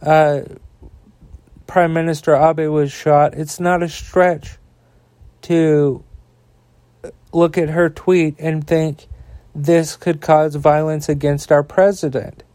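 A man's voice: fairly high pitch, flat delivery, darkish tone, no room sound. A tired man hosting a podcast alone, rambling and swearing about the news, with many fillers. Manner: profane, angry ranting; slow, rambling delivery with frequent fillers. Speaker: podcast host. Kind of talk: casual solo political commentary.

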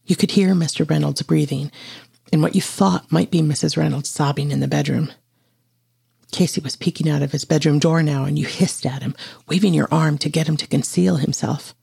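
A man narrating a second-person horror story in a hushed, tense way. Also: fairly high pitch, fairly even intonation, a little fast, gravelly, slightly rough.

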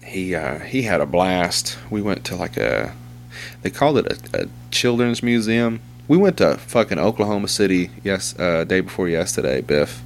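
A man's voice: low voice, animated, normal speed, a little hiss or hum. A man telling crude, rambling stories in casual chat, swearing and laughing often. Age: young adult to middle-aged, father of a two-year-old.

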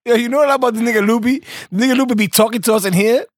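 A man's voice: very high voice, rapid-fire, dry recording, studio quality. A young man co-hosting a podcast, teasing his friend and laughing often, with plenty of swearing. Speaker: podcast co-host. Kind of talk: casual crude podcast chat.

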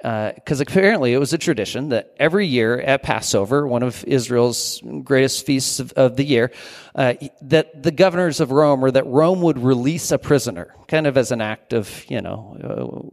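A man preaching a sermon in a relaxed, conversational tone, with fillers and false starts. His voice sits in a middle range. A long reverb lingers behind him, as in a large hall. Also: medium pitch, moderate pace. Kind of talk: sermon with scripture reading.

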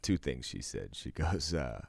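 Super deep gravelly dude, chill podcast cohost, cusses a lot, laughs easy, dry mic. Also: male voice, very animated, a little slow, no room sound. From eastern US. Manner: laid-back, swears freely, laughs often. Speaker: podcast co-host. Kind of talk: casual chat.

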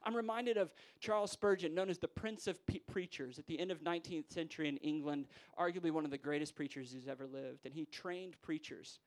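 Rousing higher-voiced male preacher. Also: brisk, hardly any pauses. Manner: builds from hushed to rousing, voices quoted figures. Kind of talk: sermon. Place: church.

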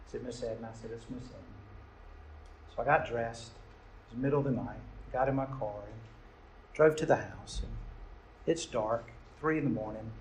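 A middle-aged American man, a pastor, telling a story in an earnest, intimate, emotional sermon. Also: mid-range voice. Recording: roomy church reverb, faint hiss.

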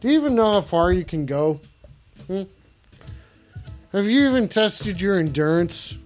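A man's voice: sits high, lively intonation, measured pace, pauses often, soft background music. A man hosting a live call-in show in a clumsy put-on French accent, playful and rambling.

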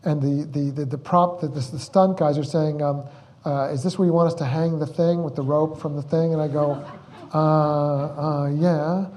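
Brief: male director at a Q&A, slightly high, mellow voice, rambles through his stories and acts out the quotes. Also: steady tone, fairly quick. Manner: rambling, repeats words, acts out the quotes he tells. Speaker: film director speaking at a Q&A. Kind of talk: anecdotal storytelling at a Q&A.

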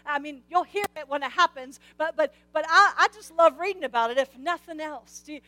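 A woman preaching a sermon, animated, with stammered restarts and rhetorical questions to the congregation. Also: high voice, fairly quick, no room sound.

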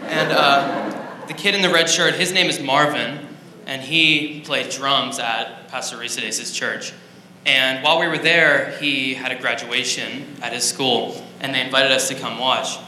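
A man telling an excited, rambling church testimony full of fillers. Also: mid-range voice, measured pace. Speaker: student sharing a testimony. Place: church sanctuary. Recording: echoey hall, faint noise.

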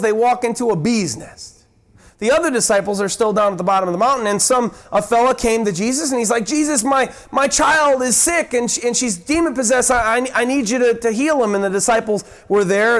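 A man preaching a sermon and teaching from the Bible, earnest, stumbling and repeating words as he acts out the voices in the story. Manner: earnest, acts out quoted voices with sharp pitch drops and rises; repeats words, restarts phrases.

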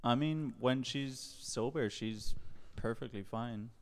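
A man's voice: medium pitch, takes it slowly, a little hiss or hum. A man guesting on a casual podcast, easygoing, telling an anecdote with lots of "I mean.". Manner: easygoing storyteller, hedges with "I mean". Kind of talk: casual chat.

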